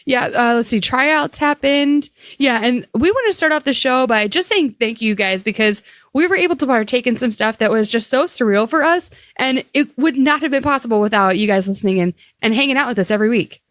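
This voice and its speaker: A woman's voice: fairly high pitch, expressive, a little fast, hardly any pauses, a bit bright, no echo. A woman co-hosting a casual sports podcast, blunt and teasing, with plenty of enthusiasm. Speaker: podcast co-host.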